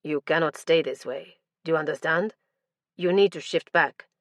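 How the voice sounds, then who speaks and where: A woman's voice: sits low, moderate pace, a bit bright, dry recording. A woman voicing a terse, commanding winged warrior man. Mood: firm, coaxing. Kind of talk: audiobook character dialogue.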